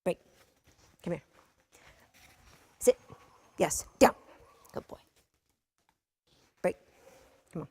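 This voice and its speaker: A woman instructing a dog training class, giving brisk, matter-of-fact commands to a dog and its handler, sometimes teasing. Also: warm tone. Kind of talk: coaching a live training session. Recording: long reverb of a large hall.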